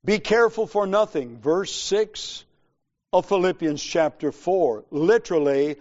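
Slow, measured male preacher. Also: high voice, a little mellow, highs cut off. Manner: slow, measured, emphatic delivery with deliberate pauses. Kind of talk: sermon.

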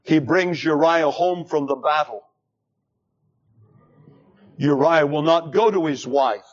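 A man preaching a sermon, retelling a scripture story in a dramatic, deliberate way. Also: fairly high pitch. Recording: dull lo-fi recording.

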